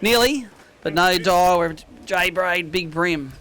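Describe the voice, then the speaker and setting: A man's voice: high-pitched, slow, a bit bright. An Australian man hosting a fishing tournament weigh-in outdoors, joking and chatting matily with anglers as he reads out weights. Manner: jokey, matey, upbeat announcing. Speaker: weigh-in host. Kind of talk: casual tournament weigh-in banter.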